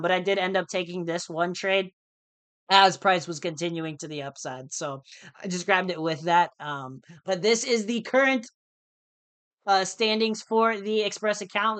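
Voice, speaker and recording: A man's voice: high-pitched, sharp tone, clear, resonant tone, dry recording. A man day trading on a live stream, chatting casually in a laid-back, slangy way, repeating phrases and calling listeners dude and bro. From United States.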